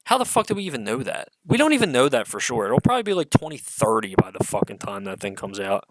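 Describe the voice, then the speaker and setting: A man's voice: medium pitch, big pitch swings, fast talker, few pauses, fairly bright tone, no room sound, poor audio. A man giving an unscripted solo rant as an online commentator, profane, exasperated and sarcastic, swearing often amid fillers.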